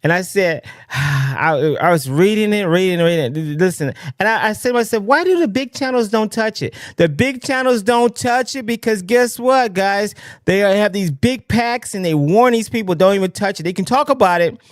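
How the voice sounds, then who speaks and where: Excitable, rambling livestream host. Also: male voice, high-pitched, moderate pace, dry recording, studio quality. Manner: excitable, rambling, full of restarts. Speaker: livestream political commentary host. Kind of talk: casual live commentary.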